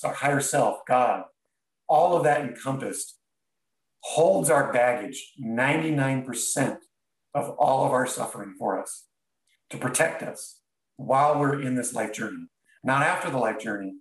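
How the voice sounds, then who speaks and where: A man in a podcast interview tells his own story in an earnest, halting way, often stopping and restarting his sentences. His voice sits at an ordinary middle pitch. The sound is roomy and comes from some distance off the mic. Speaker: podcast guest. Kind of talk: reflective storytelling.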